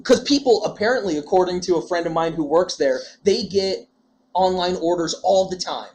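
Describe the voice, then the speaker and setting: A young man with a high voice talks through a casual podcast chat. He rambles from story to story and jokes around. He laughs often. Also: moderate pace, darkish tone, a little hiss or hum, poor audio. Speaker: podcast co-host. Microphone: handheld ball microphone, sometimes held away.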